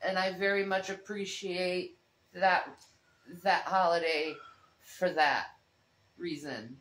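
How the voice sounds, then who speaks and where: A woman's voice: lowish voice, steady tone, slow pace, fairly bright tone, slight background noise. A woman co-hosting a casual livestream in a sleepy, laid-back way. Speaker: livestream co-host. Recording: echoey room.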